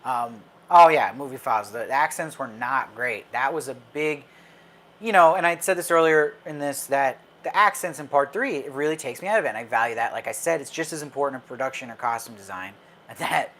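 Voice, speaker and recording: A man's voice: medium pitch, animated, a little fast, a bit bright. A man in a mid-range voice hosts a live fan chat about films. He talks casually and opinionatedly, answering viewers' comments as they come in. His delivery is loose, with plenty of fillers and restarts. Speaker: film commentator host.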